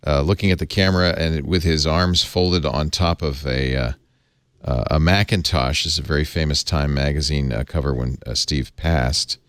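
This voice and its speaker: A deep-voiced man hosts a casual tech chat, pausing often with hesitant fillers. His voice sits close and dry on the studio mic. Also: steady tone, clean tone, no room sound. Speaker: host.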